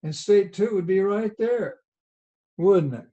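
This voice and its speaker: Slow folksy Southern man lecturing. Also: sits high, dark tone. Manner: folksy, drawn-out, chatty explaining with rhetorical questions. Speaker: college teacher. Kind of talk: online lecture. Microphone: video call.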